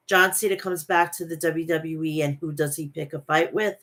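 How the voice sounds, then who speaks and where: A woman hosting a wrestling show, giving a brisk play-by-play recap and often correcting herself mid-word. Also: low-pitched, fairly even intonation, fairly bright tone.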